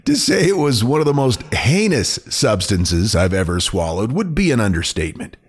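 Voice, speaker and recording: Male podcast host, low voice, animated amused read of a listener email. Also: normal speed, slightly rough. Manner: amused reading, often breaking into laughter. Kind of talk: reading a listener's email aloud.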